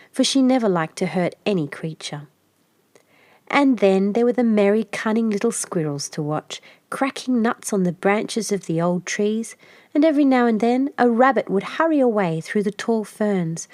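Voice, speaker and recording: Female storyteller for a kids' fairy tale, gentle and even, dry close studio sound. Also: lowish voice, no room sound. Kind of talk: scripted storybook narration.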